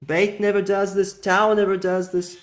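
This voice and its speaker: A teacher giving a methodical recorded lesson, slowing down to spell out each example word carefully. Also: medium pitch, level tone.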